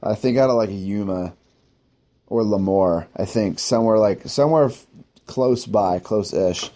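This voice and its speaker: A man tells a personal story in a loose, rambling way, his speech packed with swearing and filler words. His voice is mellow and dark, and he sometimes laughs at himself. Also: lowish voice, measured pace. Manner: rambling, profane, heavy use of "like". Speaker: podcast host telling war stories.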